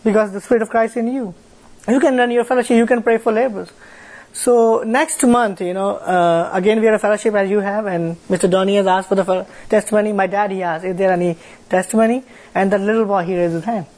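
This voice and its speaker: A young man with an Indian accent, leading a church fellowship, shares a testimony in halting speech, repeating words and filling with "like" and "you know". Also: high voice, fairly even intonation, a little mellow, rough recording. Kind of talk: sharing a testimony with a congregation.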